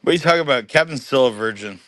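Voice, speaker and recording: A man who joins a casual livestream panel chat as a guest, easygoing and quick to laugh. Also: medium pitch, expressive, a bit bright, no room sound.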